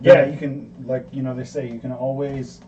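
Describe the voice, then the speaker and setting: A man and cook, co-hosting and telling a story in a relaxed, rambling way with plenty of fillers. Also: mid-range voice, normal speed, lo-fi sound, a little hiss or hum. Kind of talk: casual storytelling. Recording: distant mic with faint room ambience.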